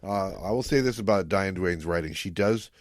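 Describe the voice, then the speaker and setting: Deep-voiced guy rambling about a book on a podcast, dry close sound. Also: normal speed, no room sound. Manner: rambling, many fillers and restarts. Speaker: podcast co-host. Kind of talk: casual book discussion.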